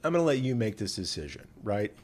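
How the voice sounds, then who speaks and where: A man's voice: fairly low pitch, sing-song, fast, darkish tone. A man voicing God as a casual, permissive male figure who talks in breezy modern slang.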